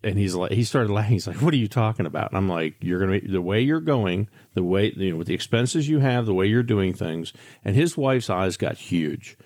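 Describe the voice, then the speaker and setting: His voice sits low and a little mellow, moving at a moderate pace with hardly any pauses. He's an older financial advisor hosting a radio show, telling frank stories candidly and chattily with many restarts in a monologue, with clean studio sound and no echo.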